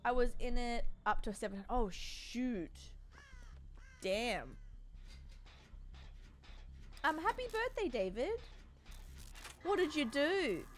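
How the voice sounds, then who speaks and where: A woman's voice: fairly high pitch, a little hiss or hum. A young woman streaming from home, chatting casually and rambling as she greets her chat by name.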